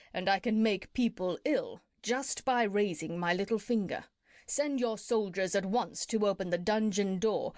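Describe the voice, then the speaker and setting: A woman voicing a clever, bossy female parrot in a storybook reading, brisk and self-assured. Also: mid-range voice, darkish tone, no room sound, clean studio sound, natural voice.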